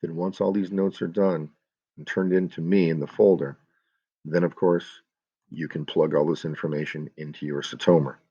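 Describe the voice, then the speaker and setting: A male teacher with a deep, low voice walks his students through a class project step by step, talking straight to them. The recording sounds dull and lo-fi. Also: fairly even intonation, normal speed, dark tone, husky. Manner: step-by-step, explanatory, addresses students directly.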